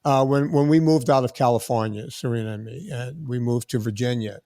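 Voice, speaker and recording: A man's voice: medium pitch, brisk, no echo. A podcast host in his sixties telling a long story in casual chat, acting out the voices of the people in it. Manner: animated, acts out quoted dialogue.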